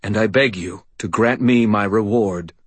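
A man voicing a centuries-old male double agent who speaks in a quiet, calm, deferential murmur. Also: lowish voice, unhurried, breathy edge, no room sound.

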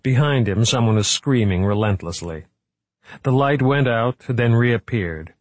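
A man reading a suspense novel aloud in a measured, steady narrating voice. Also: medium pitch, no echo. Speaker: audiobook narrator. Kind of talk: scripted narration.

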